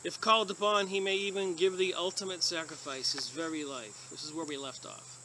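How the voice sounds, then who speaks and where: A man's voice: a little high, fairly even intonation, fairly quick, pushed and bright, slight background noise, poor audio. A man telling a rambling, earnest story in a casual monologue, then reading aloud from a book he is reviewing.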